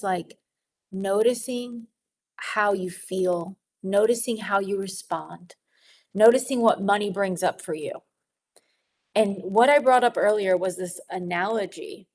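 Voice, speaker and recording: A middle-aged woman coach giving a gentle, reflective teaching talk, now and then laughing lightly as she acts out inner voices. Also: medium pitch. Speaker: spiritual coach.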